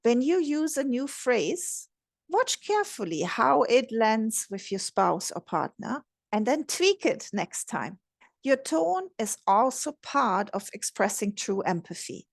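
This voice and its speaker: A woman relationship coach giving a gentle, measured instructional talk. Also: on the high side, big pitch swings, creaky, dry recording, clean studio sound. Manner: gentle, measured, modelling empathetic phrases.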